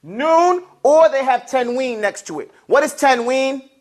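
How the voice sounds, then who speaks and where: A man's voice: extremely high pitch, animated, unhurried. A man teaching Arabic and recitation in a classroom, explaining patiently and having the class repeat each word after him. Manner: call-and-response, has the class repeat words.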